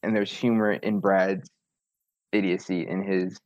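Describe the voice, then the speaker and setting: Male writer, low voice, casual and reflective with lots of filler words. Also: level tone, a little slow, a little mellow, no echo, highs cut off. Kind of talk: casual chat.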